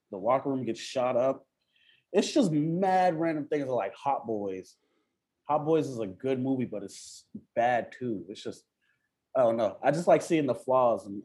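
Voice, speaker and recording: A man's voice: medium pitch, dark tone. Laid-back man, slangy and laughing. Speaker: podcast guest. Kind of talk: casual chat.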